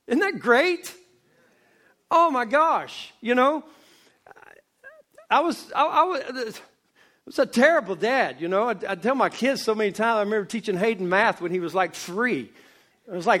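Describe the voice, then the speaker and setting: A male pastor preaching a sermon, swinging between loud emphasis and hushed asides. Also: extremely high pitch, very animated. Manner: slow, drawn-out delivery.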